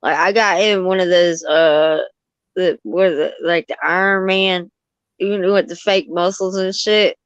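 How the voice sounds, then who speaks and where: A woman's voice: fairly low pitch, fairly even intonation, a little slow, smooth, dry recording. A woman chatting casually about her son, loose and talkative with slang. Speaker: parent sharing stories in chat. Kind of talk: casual chat. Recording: dry, dull lo-fi sound.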